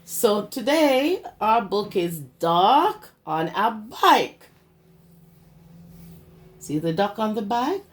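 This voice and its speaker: A woman preschool teacher reading a picture book aloud to young children in a slow, sing-song storytelling way. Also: mid-range voice, big pitch swings.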